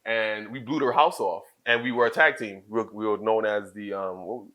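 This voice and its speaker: A man in his thirties speaks in a somewhat low voice as an interview guest. He tells stories casually and acts out the dialogue he quotes in them. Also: moderate pace. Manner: animated storyteller who acts out quoted dialogue. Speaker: interview guest, former wrestler. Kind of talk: casual shoot interview storytelling.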